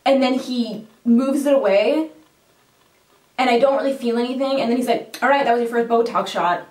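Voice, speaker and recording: Brief: woman vlogger, fairly high voice, foul-mouthed and theatrical, recorded from a bit away in a roomy space. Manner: swears freely, laughs often, dramatic retelling. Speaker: makeup vlogger. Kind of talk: casual storytelling to camera. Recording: roomy echo, mic at a distance.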